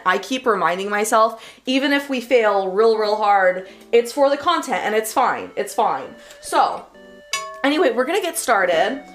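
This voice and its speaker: A woman chatting and giggling through a casual cooking livestream, greeting her chat. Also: a little high.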